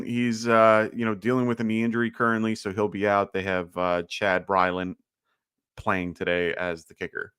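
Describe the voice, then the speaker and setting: A man with a lowish, bright voice and a forceful, clean tone hosts a live fantasy football Q&A, sounding tired from too little sleep. He has a slight lisp and talks loosely and chattily, packing in lots of fillers. The studio recording is clean with no echo.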